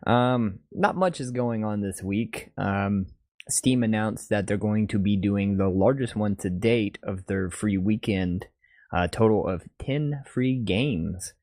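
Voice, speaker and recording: A man's voice: lowish voice, slow pace, darkish tone, no echo. A man hosting a casual gaming podcast, teasing his co-hosts in joking banter. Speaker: podcast host.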